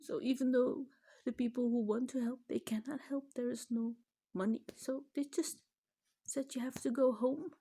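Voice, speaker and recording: A middle-aged mother records an emotional personal vlog, tearful and close to crying, her voice shaky and breaking and sometimes dropping to a whisper. Her voice is high-pitched and mellow with a breathy edge, fairly even intonation, and a moderate pace.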